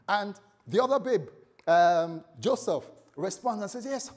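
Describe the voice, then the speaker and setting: A man's voice: expressive, measured pace, a little mellow. A man preaching a morning sermon in a conversational way, joking with the congregation and acting out the story's dialogue. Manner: conversational, playful asides to the congregation; acts out dialogue with shifting pitch and volume.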